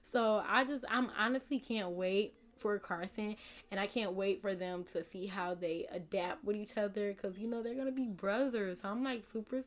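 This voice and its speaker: A woman's voice: mid-range voice, normal speed. Young woman, casual vlog chat, rambling, lots of fillers. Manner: rambling, many "like" and "you know" fillers. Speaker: vlogger.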